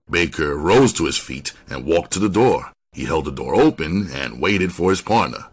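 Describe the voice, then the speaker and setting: A man narrates a crime novel in a very deep, husky voice. He reads at an unhurried, deliberate pace, letting each line settle. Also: big pitch swings. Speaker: audiobook reader. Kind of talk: scripted narration.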